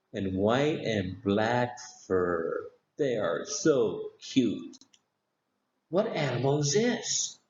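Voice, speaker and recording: A man teaching young children about animals with slow, exaggerated questions. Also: medium pitch, darkish tone, echoey room, highs cut off. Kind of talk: children's lesson.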